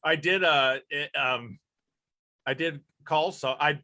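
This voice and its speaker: Brief: bright, fairly high male moderator, halting and searching. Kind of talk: casual panel discussion.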